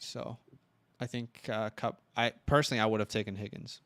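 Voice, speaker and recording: A man from Virginia co-hosting a live stream, chatty and teasing, giving quick asides. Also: lowish voice, fairly even intonation, a bit bright, clean tone. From Virginia, United States. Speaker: co-host. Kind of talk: casual live-stream chat.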